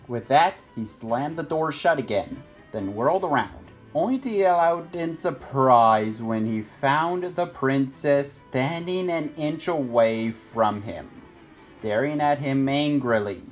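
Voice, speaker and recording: Slow, lively male storybook narrator. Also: medium pitch, soft background music. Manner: expressive, lively. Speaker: audiobook narrator.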